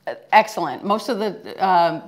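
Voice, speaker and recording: A woman's voice: fairly low pitch, expressive, moderate pace. A woman co-hosting a local mortgage TV show, teasing her partner and explaining a refinance program with frequent laughs. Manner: laughs often, upbeat and teasing. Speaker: real estate and mortgage TV show co-host. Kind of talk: scripted TV banter and explainer.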